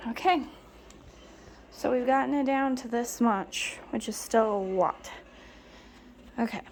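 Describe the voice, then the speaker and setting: This young woman takes it slowly as she casually narrates a home vlog from her kitchen, unpacking groceries. She's chatty and playful, using a squeaky baby voice with her cat, and there's a little hiss or hum.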